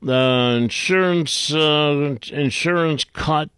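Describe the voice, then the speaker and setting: A man hosting a call-in radio talk show, reading items aloud and mocking them in a blunt, gruff, rambling way. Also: on the high side, slow, a bit bright, dry recording, clean studio sound.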